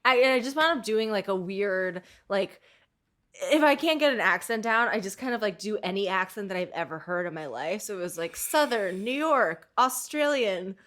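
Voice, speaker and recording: A woman's voice: mid-range voice, a little fast, fairly bright tone. A woman hosting a podcast, chatty and self-deprecating, laughing often. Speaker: podcast host. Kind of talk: casual chat.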